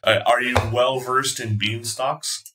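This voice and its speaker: A man acting as dungeon master, calmly narrating and calling for dice rolls with a relaxed, chuckling manner. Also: medium pitch, measured pace, noisy background. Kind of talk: running a tabletop game.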